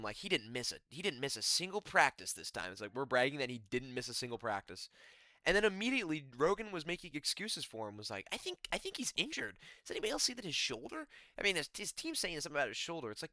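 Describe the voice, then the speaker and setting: Excitable young man, bright voice. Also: mid-range voice, no room sound, studio quality. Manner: animated, rambling, slangy. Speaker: MMA commentator. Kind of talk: casual fight recap.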